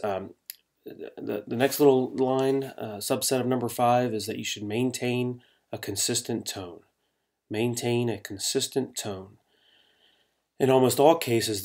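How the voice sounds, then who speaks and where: A middle-aged man teaching a writing class in a relaxed, joking way, with mock exasperation about formal habits. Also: fairly low pitch. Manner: casual, teasing, exasperated about pet peeves. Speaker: writing instructor. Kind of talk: recorded class lecture.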